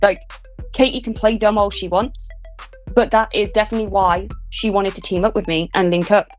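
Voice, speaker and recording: A woman's voice: medium pitch, fairly even intonation, fairly quick. A woman with a mid-range voice calls people out on a livestream. She is blunt and scornful and curses freely, with faint music in the background. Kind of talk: drama commentary on a livestream.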